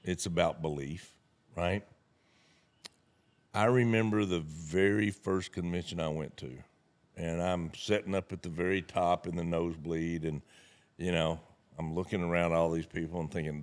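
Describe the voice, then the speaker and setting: A man's voice: deep voice, fairly even intonation, normal speed. A man telling folksy stories in a casual chat and acting out the dialogue. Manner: folksy storyteller, acts out dialogue. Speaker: network marketing leader.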